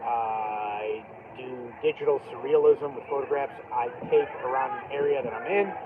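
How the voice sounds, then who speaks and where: A man's voice: medium pitch, moderate pace. Chatty man streaming live on a noisy street. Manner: loose, chatty, full of "like" and "dude". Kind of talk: casual rambling live stream. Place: outdoors on a downtown street, band playing nearby. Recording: tinny phone-line sound with loud street noise.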